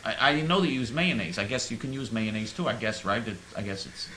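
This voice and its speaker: A man's voice: mid-range voice, expressive, quick pace, pushed and bright, echoey room, slight background noise, low-quality recording. A male host delivering a sarcastic, rambling satirical monologue, stammering over his words.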